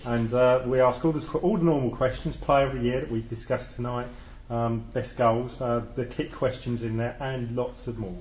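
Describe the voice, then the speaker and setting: A man on a football podcast panel, calmly explaining a fan survey with plenty of fillers. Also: medium pitch, moderate pace. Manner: relaxed, explains at length with fillers. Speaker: fanzine editor on a panel. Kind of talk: casual chat. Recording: roomy echo.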